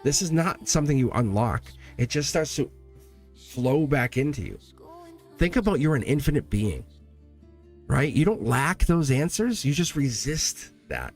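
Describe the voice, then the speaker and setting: A middle-aged man giving an earnest, animated live tarot reading, addressing the viewer directly and often breaking off mid-sentence. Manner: earnest and animated, swinging pitch, frequent laughs and self-interruptions. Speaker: tarot reader.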